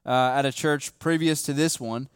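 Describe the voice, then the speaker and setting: A young man preaches with a smooth, resonant voice, dry and close to the mic. He talks to the congregation casually, checking in often, and swings from quiet, low stress to loud, urgent emphasis. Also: fairly even intonation, normal speed, dry recording. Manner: conversational, often tags lines with "okay?" and "right?"; shifts between hushed emphasis and raised, stressed lines. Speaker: pastor. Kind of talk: sermon.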